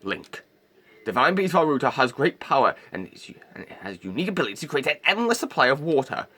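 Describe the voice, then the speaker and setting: A man puts on a giant, kindly old fish king in an amateur game voice-over. He speaks in lofty, old-fashioned phrases. His voice leaps around a wide range with a bright, forceful edge. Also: medium pitch, sing-song, fast. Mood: grave. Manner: formal, grand old-fashioned speech. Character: huge regal old male fish king, warm-hearted.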